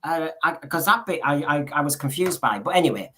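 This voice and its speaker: A man's voice: on the high side, expressive, fairly quick, bright, forceful tone. A man co-hosting a podcast in casual chat, rambling along and often restarting his sentences with repeated words. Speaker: podcast co-host.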